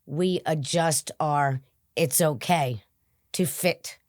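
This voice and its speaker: Low slow-spoken woman guest. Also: dry recording, studio quality. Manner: earnest and reflective, dropping to whispers. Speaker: guest in recovery. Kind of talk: interview conversation.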